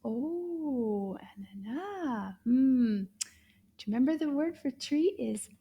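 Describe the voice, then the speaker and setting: A woman's voice: high voice, animated, takes it slowly, breathy edge, muffled recording. A middle-aged woman teaching a children's French lesson, with exaggerated gasps and frequent half-whispered lines.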